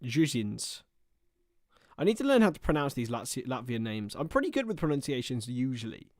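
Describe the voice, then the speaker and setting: A man's voice: medium pitch, very animated, fairly quick, dry recording, clean studio sound. A man commentating live on a football match for a livestream, mixing play-by-play with chatty, self-mocking asides.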